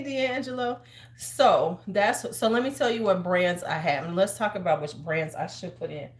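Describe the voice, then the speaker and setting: A woman in her fifties hosting a casual livestream from home, chatty and sassy, handing out advice like a big sister. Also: mid-range voice. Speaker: host. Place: large room at home. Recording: roomy echo.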